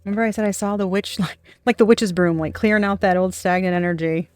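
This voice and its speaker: A tarot reader giving a casual, rambling intuitive reading straight to viewers, with soft laughs and the odd swear word. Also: medium pitch, fairly even intonation, fast talker, smooth, no echo, soft background music. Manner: rambling, chatty, speaks to unseen viewers.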